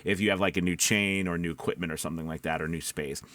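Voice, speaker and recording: A man, a voice-over actor, giving casual advice that drifts off topic and back, speaking low from the back of his throat. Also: fairly even intonation, fast talker, a bit bright, no echo. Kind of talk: casual advice talk to camera. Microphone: studio microphone.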